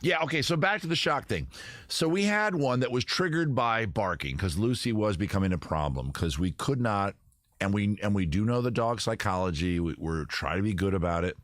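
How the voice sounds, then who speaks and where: A man hosting a casual live stream, rambling and joking at a close tabletop boom mic. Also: lively intonation, moderate pace, a bit bright, no room sound. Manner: rambling, jokey, self-interrupting. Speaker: host.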